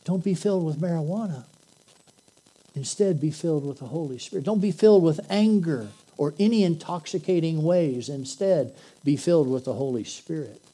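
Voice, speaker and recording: A man's voice: fairly high pitch, lively intonation, normal speed, hardly any pauses, dark tone, low-quality recording. A man preaching an earnest, conversational sermon that swells into emphatic bursts. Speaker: pastor.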